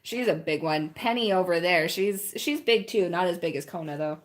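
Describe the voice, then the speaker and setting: A woman's voice: on the low side, moderate pace. A woman chatting casually with her live-stream viewers while she paints, rambling and often laughing and cooing at puppies, indoors at a home.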